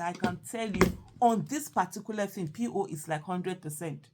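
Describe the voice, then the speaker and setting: A woman's voice: fairly low pitch, normal speed, darkish tone. A woman with a Nigerian accent, talking casually and animatedly, repeating phrases and slipping into Pidgin. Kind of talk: casual monologue.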